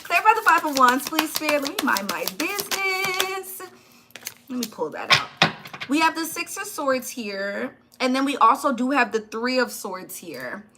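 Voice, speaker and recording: A woman's voice: sits high, lively intonation, normal speed, very noisy. A woman giving a live tarot reading, chatty and blunt, talking straight to her viewers. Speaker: tarot reader.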